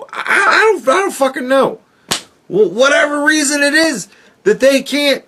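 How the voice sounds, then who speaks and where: A man's voice: high-pitched, fairly bright tone, slight background noise. A man hosting a podcast, talking in a rambling, profane opinion monologue full of restarts. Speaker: podcast host.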